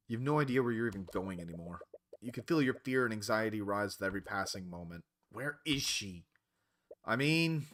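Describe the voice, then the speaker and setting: A man's voice: lowish voice, fairly quick, soft background music. A man playing a visual novel, reading the story aloud, voicing its characters and chatting about it between lines. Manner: animated, switches between character voices. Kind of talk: reading a game aloud with commentary.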